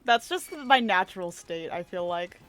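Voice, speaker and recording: A woman's voice: fairly low pitch, expressive, normal speed, a bit bright. Giggly woman streamer chatting. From Midwestern US. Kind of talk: casual gaming stream chat.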